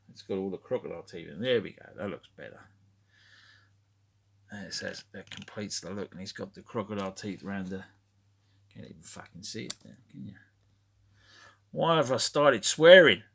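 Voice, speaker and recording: A man's voice: lowish voice, creaky, a bit bright. A man chatting casually as a toy collector vlogger, rambling and swearing freely as he talks. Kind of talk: casual show-and-tell vlog.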